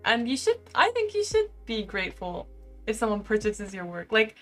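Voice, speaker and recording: A young woman in her twenties, a live-streamer, chatting casually and reading out viewer comments in an animated way. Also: a little high, moderate pace, faint music behind. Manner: chatty and animated, heavy use of "like".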